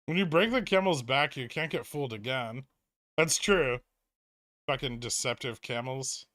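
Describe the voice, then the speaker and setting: A man hosts his own trading livestream, reading viewer messages aloud and answering them in a dry, offhand manner. His voice sits at a middling pitch, and the mic is close, with no room sound at all. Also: moderate pace, fairly bright tone, no echo. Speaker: livestream host. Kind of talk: casual chat reading viewer questions.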